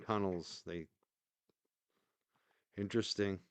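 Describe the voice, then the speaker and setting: A man's voice: sits low, steady tone, takes it slowly, clear, resonant tone, no echo. A man hosting a live stream, giving rambling, opinionated commentary with frequent restarts and fillers. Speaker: show host.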